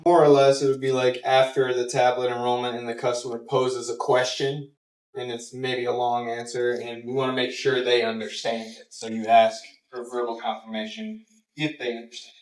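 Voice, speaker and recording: A man's voice: medium pitch, moderate pace, distant mic. A man in a sales training session answering the trainer's question, explaining a little tentatively. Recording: roomy, from across the room.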